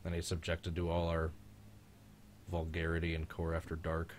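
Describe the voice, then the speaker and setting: A young man streaming a live race reaction, chatting casually with a friend and joking, getting loud when the race heats up. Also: low voice, normal speed, a little hiss or hum. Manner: joking, gets loud and excited at race moments.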